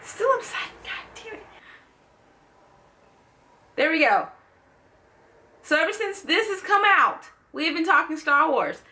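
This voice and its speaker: A young woman talking casually and playfully to camera in a fan-theory vlog, full of animated asides. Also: sits high. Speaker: vlogger.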